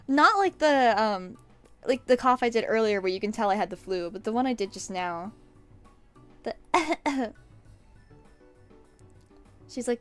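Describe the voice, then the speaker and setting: A woman's voice: a little high, expressive, unhurried, pauses often, soft background music. Sick young woman rambling and swearing. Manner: rambling and swearing, with sudden loud outbursts. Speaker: streamer. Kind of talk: casual chat while painting nails. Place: at home at her desk.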